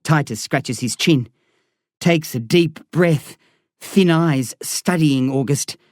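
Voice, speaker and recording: A woman reading a first-person story as an audiobook narrator, in a slow, tense, dramatic way. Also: sits low, a little mellow, no echo, clean studio sound.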